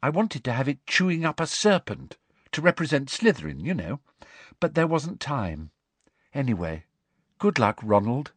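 A man's voice: mid-range voice, very animated, moderate pace, husky, dry recording, pitched above the performer's own voice. A man voicing a vague, dreamy teenage girl with an airy, odd manner.

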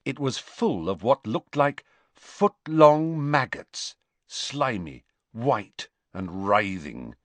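A man narrating an audiobook in an expressive, dramatic storytelling manner. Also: medium pitch, slow, no room sound. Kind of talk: audiobook reading.

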